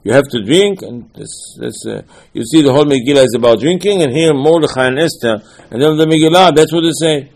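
A man's voice: a little high, a little fast, darkish tone, poor audio. A man giving an informal Torah lesson in a conversational way, with frequent restarts and Hebrew terms mixed into his speech. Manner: conversational, repeats himself, frequent restarts and fillers.

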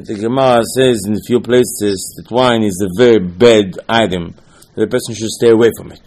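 A man's voice: medium pitch, a little mellow, rough recording. A man giving an informal Torah lesson in a conversational way, with frequent restarts and Hebrew terms mixed into his speech. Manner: conversational, repeats himself, frequent restarts and fillers.

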